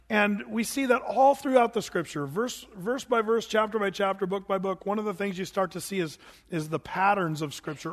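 A man with a high voice gives an easygoing sermon, reading scripture and then telling the story in a folksy, chatty way. He stumbles and restarts often. His voice rings with a long reverb, as in a church hall. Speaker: preacher. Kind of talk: casual sermon with Bible reading.

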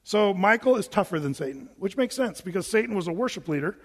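High-voiced joking preacher in a reverberant hall. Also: male voice, animated, quick pace. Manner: jokey, acts out quoted voices; self-described big guy. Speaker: pastor. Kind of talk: sermon. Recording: long reverb of a large hall.

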